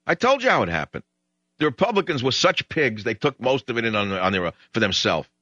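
A man's voice: medium pitch, sing-song, brisk, sharp tone, no echo, dull audio. A man hosting a political talk radio show, ranting in a sarcastic, exasperated way. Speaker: radio host.

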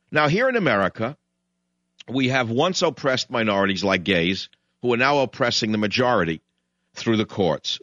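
A man's voice: mid-range voice, a bit bright, dry recording. A male radio talk host with a sarcastic, mocking manner. His voice sounds dry and close, with a slightly dull, narrow tone from the studio. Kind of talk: combative call-in radio talk.

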